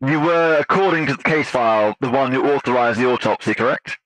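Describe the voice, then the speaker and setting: A man voicing a male agent who runs a post-incident interview with calm, procedural questions. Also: mid-range voice, brisk, dry recording, natural voice, poor audio. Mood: interrogating.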